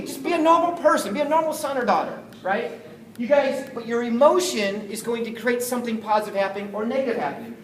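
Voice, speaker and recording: A man giving an energetic, jokey sales training talk to a live group, often acting out phone calls. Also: extremely high pitch, far from the mic. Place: meeting room with an audience. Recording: echoey room, voice from afar, faint noise.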